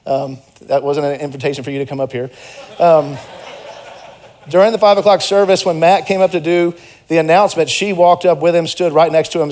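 A man's voice: a little high, steady tone, moderate pace, darkish tone. A young man preaching a sermon in a church, conversational and earnest, mixing personal stories with emphatic exhortations. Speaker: pastor. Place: church sanctuary.

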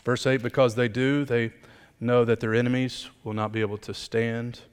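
A middle-aged man preaching a sermon as pastor, swinging from emphatic rises down to quiet, low appeals. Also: little pitch movement, normal speed, clean tone. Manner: emphatic preaching, building up and then dropping low. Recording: long hall reverb.

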